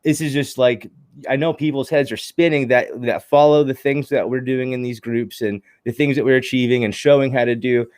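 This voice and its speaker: A man's voice: medium pitch, fairly even intonation, brisk, a little mellow, smooth, dry recording. A man hosting a podcast in casual chat, enthusiastic and talkative, speaking straight to his listeners. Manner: enthusiastic, talkative, addresses listeners as guys and y'all. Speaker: podcast host.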